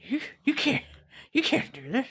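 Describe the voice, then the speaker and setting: A woman voicing a gruff, stubborn male bandit in a tabletop game, talking crude backwoods slang in a raised voice. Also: high voice, very animated, normal speed, fairly bright tone, heavily acted.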